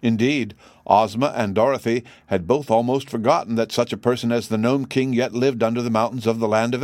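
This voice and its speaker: A man narrating a classic children's fantasy book in a steady, even reading voice. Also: on the low side, dry recording. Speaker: audiobook narrator. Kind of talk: scripted storybook narration.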